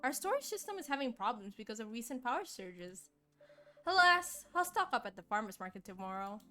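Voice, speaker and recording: Courteous barista, read by a woman streamer, chatty, earnest, lively. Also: fairly high pitch, fairly quick, faint music behind. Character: polite barista running a café. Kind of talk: streamer voicing game dialogue.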